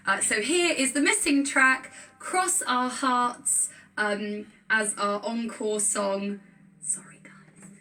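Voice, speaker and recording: A woman's voice: a little high, takes it slowly, sharp tone, recorded from a distance, a little hiss or hum. A woman in a band thanking the audience and introducing a song, in an apologetic, bubbly way. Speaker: band member. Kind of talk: casual stage talk to an audience.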